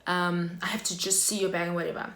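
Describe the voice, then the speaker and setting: A woman voicing a brusque female airport security officer who talks in a curt, rushing, insistent way. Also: fairly low pitch, level tone, fairly bright tone, reverberant. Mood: pushy.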